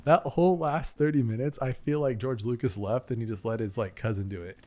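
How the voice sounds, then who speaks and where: Playing a video game, the young host of a gaming channel talks casually and fairly quickly in a mid-range, slightly mellow voice. The chatter wanders, stuffed with fillers and asides.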